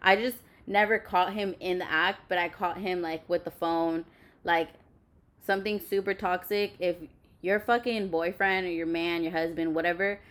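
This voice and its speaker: A woman's voice: lowish voice, steady tone, normal speed, fairly bright tone. A young woman telling a personal story bluntly, with lots of swearing and fillers. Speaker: podcast host. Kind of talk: candid storytelling chat.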